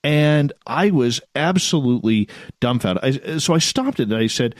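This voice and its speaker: A man hosting a radio show, telling stories with animated energy and laughing as he talks. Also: medium pitch, moderate pace, no echo, studio quality. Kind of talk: casual chat.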